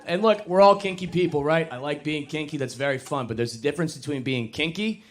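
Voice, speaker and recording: A young man performing stand-up comedy on a club stage, talking casually and poking fun at himself, now and then jumping into high mocking voices. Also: fast talker. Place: comedy club stage before a live audience.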